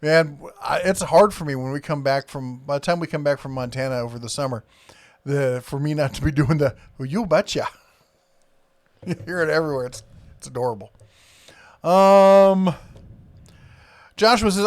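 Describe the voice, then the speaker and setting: A man with a plain Iowa accent talks casually on a live stream, reading out viewer comments and drifting between topics. His voice sits a little high, and his speech is loose and full of fillers. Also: moderate pace, pauses often. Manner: rambling, reads viewer comments aloud, frequent fillers.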